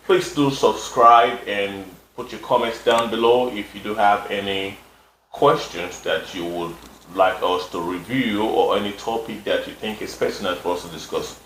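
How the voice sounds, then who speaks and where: A man hosting a casual talk show, explaining in a measured way with fillers. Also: lowish voice, fairly even intonation, a bit bright. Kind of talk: casual discussion. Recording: echoey room with faint noise.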